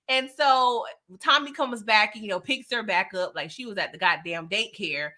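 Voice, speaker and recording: Bright, high-voiced woman recapping a show. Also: fairly quick. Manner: animated, laughs often, slangy and playful. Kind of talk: casual recap vlog.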